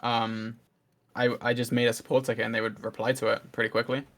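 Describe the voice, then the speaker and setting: Brief: young man, podcast guest, relaxed and unsure, quick pace. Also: mid-range voice. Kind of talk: casual group chat.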